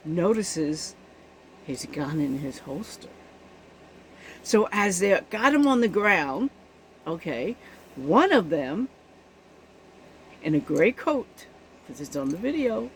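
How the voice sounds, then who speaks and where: A woman's voice: mid-range voice, a little hiss or hum, low-quality recording. Indignant woman giving spoken commentary. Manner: indignant, emphatic, checks in with the listener. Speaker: commentator on the news.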